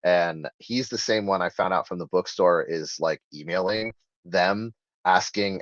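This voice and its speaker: As the author guest in an interview, this man has a low voice with fairly even intonation and a normal pace. He talks casually, rambling through long sentences full of fillers and restarts, in a recording with no echo and a slightly dull, lo-fi quality.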